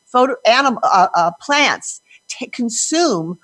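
A woman's voice: on the high side, lively intonation, takes it slowly, fairly bright tone, dry recording. Hesitant woman with a dry close sound. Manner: hesitant, many fillers. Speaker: panel guest.

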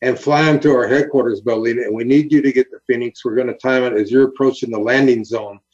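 Speaking fast in an interview, a man who used to be a highway patrol officer recounts a story with earnest energy, performing the quoted lines. The recording's highs are cut off.

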